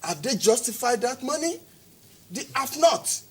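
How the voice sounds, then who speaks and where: A man with a Nigerian accent, a security expert arguing forcefully in a TV studio interview, firing rhetorical questions and repeating words as he presses his points. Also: extremely high pitch, sing-song, measured pace, slightly rough.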